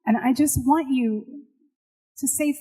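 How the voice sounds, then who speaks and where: A woman's voice: sits high, measured pace, warm tone, breathy edge, low-quality recording. Heartfelt woman giving a motivational speech. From Puerto Rico. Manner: heartfelt and personal, building to rallying calls. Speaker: chef and TV host giving a speech.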